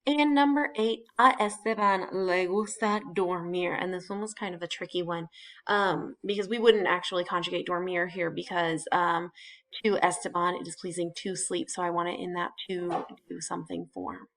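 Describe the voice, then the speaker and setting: A woman's voice: lowish voice, steady tone, normal speed, a bit bright. A woman teaching a recorded Spanish lesson, talking students through the verbs step by step with casual fillers. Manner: chatty, explains step by step with fillers. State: has hiccups.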